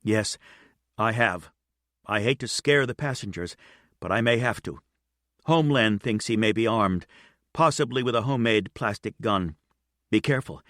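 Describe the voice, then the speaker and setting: Man doing a calm lady captain, quiet and kind, pretty low and dry. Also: normal speed, pauses often, no room sound, close to an everyday voice. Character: calm female airline captain, patient.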